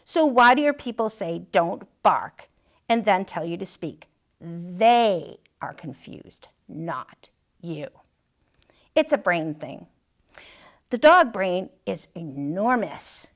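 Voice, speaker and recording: A woman's voice: mid-range voice, sing-song, unhurried. A woman reading a picture book aloud, voicing a wise, self-assured male dog who writes an advice column, confident and wry. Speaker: storytime reader.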